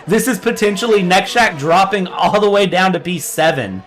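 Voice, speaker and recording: High-voiced man calling a sim race. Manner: energetic, quick play-by-play. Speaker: race commentator. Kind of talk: live esports race commentary.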